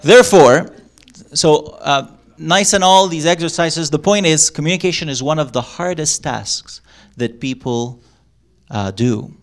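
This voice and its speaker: A middle-aged man giving a live talk to an audience in a room, animated, acting out lines and laughing often. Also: a little high, unhurried. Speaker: workshop speaker.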